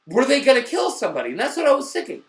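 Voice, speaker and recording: A man hosting a casual TV episode review, excitable and profane, rambling with fillers and mock voices. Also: very high voice, rapid-fire, roomy sound. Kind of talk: casual video review chat.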